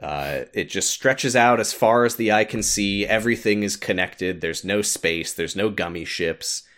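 Lowish and a bit bright, a man's voice runs a little slow. He's a podcast co-host chatting casually about a game's plot, often laughing and leaning on filler words.

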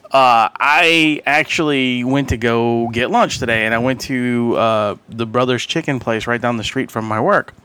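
A man's voice: medium pitch, a little slow, hardly any pauses, sharp tone, clear, resonant tone. A man co-hosting a podcast, telling a rambling story in casual chat, acting out quoted voices and laughing often. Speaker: podcast co-host.

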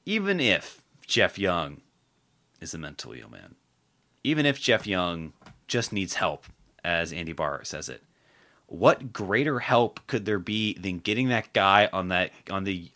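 A man hosting a podcast, chatting casually and rambling through loose thoughts with plenty of fillers and false starts. His voice sits on the low side yet has a bright, forceful edge. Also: very animated, unhurried. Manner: rambling, heavy on fillers and restarts. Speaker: podcast host. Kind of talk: casual political chat.

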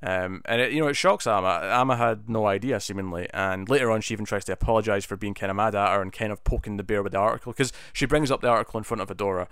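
A man's voice: lowish voice, fast talker, few pauses, a bit bright, smooth, dry recording, studio quality. A man casually talking through a TV episode, rambling with many restarts and fillers. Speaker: TV episode reviewer. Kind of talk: casual spoken review.

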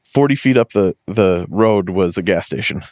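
Animated swearing man from Western Massachusetts. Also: low-pitched, normal speed, no echo, studio quality. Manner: animated storyteller, swears freely. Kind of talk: casual chat.

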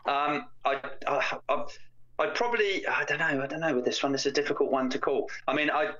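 A man's voice: fairly high pitch, a little fast, sharp tone, lo-fi sound. A man co-hosting a casual podcast, hesitant and full of restarts. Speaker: podcast co-host. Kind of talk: casual chat, film review.

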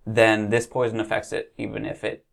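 A man's voice: lowish voice, completely flat delivery, moderate pace, gravelly, a bit bright. A man playing a tabletop game, hesitant and thinking aloud as he asks about rules and counts damage. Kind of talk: casual chat.

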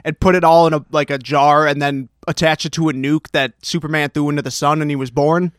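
A man with a fairly high voice chats easily about a film, agreeing often and filling his sentences with "like". His voice is close and dry. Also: a little fast, clear, resonant tone, no room sound. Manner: relaxed, agreeable, says "like" a lot. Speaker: podcast co-host. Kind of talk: casual movie chat.

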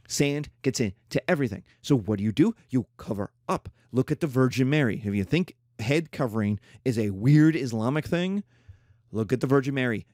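A middle-aged man teaching a classroom lecture in an emphatic, animated way, slipping into playful mock voices. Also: medium pitch, moderate pace, dry recording, clean studio sound. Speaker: history teacher.

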